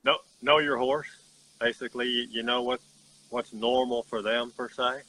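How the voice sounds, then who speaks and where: A man who runs a horse farm telling a story outdoors in an earnest, folksy way with halting restarts, insects chirping behind him. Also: mid-range voice, steady tone, sharp tone, low-quality recording. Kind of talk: casual storytelling testimonial.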